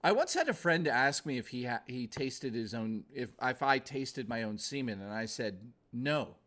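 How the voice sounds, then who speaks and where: Animated, crude-joking male streamer. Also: medium pitch, normal speed. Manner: crude, profane joking, rambling. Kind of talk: casual livestream chat. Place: at home.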